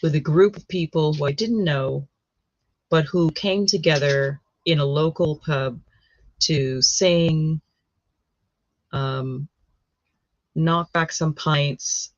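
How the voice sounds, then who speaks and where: An American woman talks casually, often pausing with fillers and restarting her sentences. The recording is dull and lo-fi, with a dry sound close to the mic. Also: low-pitched, a little mellow, no echo. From United States. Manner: hesitant, many ums and restarts. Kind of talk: casual chat.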